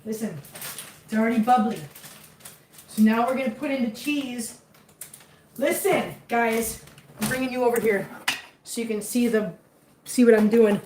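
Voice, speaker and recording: A fairly high-voiced woman chatting away as she cooks at home, flustered and talking straight to her viewers and her cats. She sits a little back from the mic, and the kitchen rings with echo under a faint hiss. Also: steady tone, normal speed, long pauses, a little mellow, distant mic. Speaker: cooking vlogger. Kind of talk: casual cooking chat to viewers.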